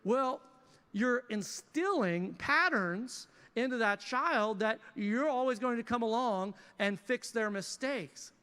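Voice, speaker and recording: High, bright-voiced man preaching. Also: slow pace, clear, resonant tone. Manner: animated, conversational preaching with asides. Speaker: pastor. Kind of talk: sermon. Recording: reverberant church hall.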